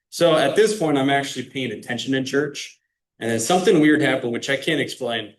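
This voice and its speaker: A man's voice: mid-range voice, brisk. A young man from Illinois, a guest speaker, tells his faith story in a casual, earnest talk and speaks straight to the audience. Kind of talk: personal faith testimony speech. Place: club meeting room.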